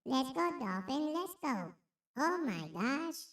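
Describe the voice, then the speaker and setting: A man putting on a high-pitched excited voice, whooping and chanting fan cheers. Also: takes it slowly, echoey room, distant mic, soft background music, full character voice. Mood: cheering.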